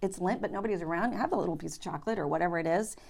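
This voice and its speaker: A woman's voice: on the low side, very fast, vocal fry, darkish tone, a little hiss or hum. Sly tempting devil, as a woman puts him on. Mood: coaxing. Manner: wheedling, then scornful. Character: sly tempting devil, coaxing then accusing.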